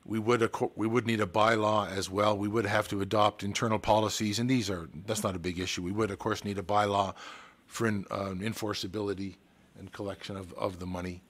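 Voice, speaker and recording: A man's voice: lowish voice, little pitch movement, fairly quick, hardly any pauses, a bit bright. A man, a town staff member presenting at a council meeting, hesitant, with many restarts and fillers. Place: council chamber.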